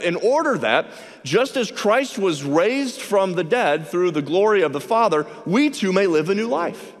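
A male pastor preaching an earnest, emphatic sermon, slowing down to stress key phrases. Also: high-pitched, big-room sound.

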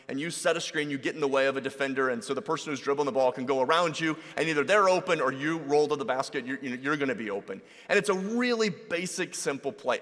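High-voiced pastor in a reverberant hall. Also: male voice, fairly bright tone. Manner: conversational storytelling, acts out quoted voices. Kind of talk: sermon with personal story.

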